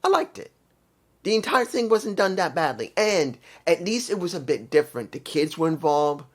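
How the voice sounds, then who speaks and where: A man's voice: a little high, big pitch swings, moderate pace. A man casually reviewing a wrestling show, rambling and circling back to correct himself.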